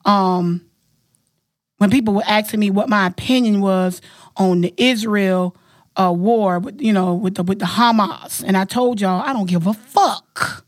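A woman's voice: mid-range voice, unhurried, no echo, clean studio sound. A woman hosting a casual podcast, talking bluntly, profanely and emphatically. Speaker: podcast host.

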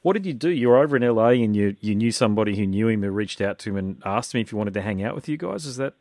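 Fast-talking podcast host. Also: male voice, lowish voice, lively intonation, darkish tone, dry recording, studio quality. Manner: enthusiastic fan, says "man" and "mate" a lot. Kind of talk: casual interview chat.

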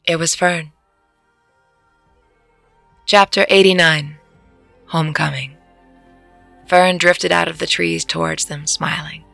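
A woman reads a fantasy audiobook in a low, heavily gravelly voice. The recording is very dry and close, with no room around her. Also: steady tone, takes it slowly, long pauses, fairly bright tone, no room sound, soft background music. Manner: breaks into laughter at her own jokes. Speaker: storyteller. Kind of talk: audiobook narration.

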